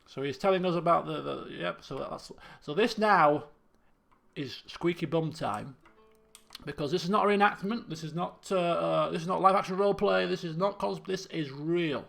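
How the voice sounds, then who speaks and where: A man's voice: fairly high pitch, vocal fry, fairly bright tone. A man commentating a game he plays, chatty and rambling with self-mocking jokes. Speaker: gaming video host. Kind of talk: let's play commentary.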